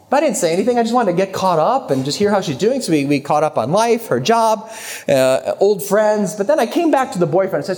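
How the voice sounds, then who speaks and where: A middle-aged man telling a story and speaking to a young audience in a faith talk, lively in how he voices the people in it. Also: brisk. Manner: animated storytelling, raising pitch when quoting others.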